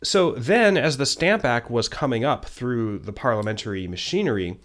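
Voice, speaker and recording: A man teaching a history lesson in a loose, conversational way, pausing often with ums and uhs. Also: mid-range voice, lively intonation, a bit bright. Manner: conversational, many ums and uhs, self-deprecating asides. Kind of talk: unscripted history lecture.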